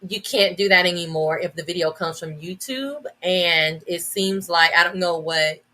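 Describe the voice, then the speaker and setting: A woman's voice: on the low side, steady tone, moderate pace, sharp tone. A woman who is a guest educator on a podcast, explaining things casually with fillers and self-corrections. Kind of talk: casual conversational interview.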